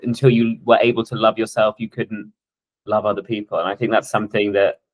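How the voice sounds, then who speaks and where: A man hosting an interview, speaking quickly and earnestly, often checking in with his guest. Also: lowish voice, little pitch movement, muffled recording. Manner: quick, earnest, tags sentences with "right?". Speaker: interviewer and host. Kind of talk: casual interview conversation.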